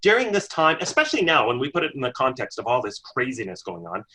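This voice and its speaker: A man's voice: mid-range voice, wildly swooping pitch, fast talker, bright, forceful tone. A man on a panel jumping in emphatically to offer simple advice in a casual video-call discussion. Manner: emphatic, keen to jump in.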